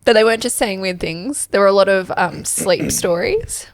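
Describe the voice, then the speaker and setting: A woman's voice: medium pitch, expressive, normal speed, no room sound, studio quality. A woman co-hosting a casual parenting podcast, laughing often and retelling her kids' stories with lots of energy. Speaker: podcast co-host.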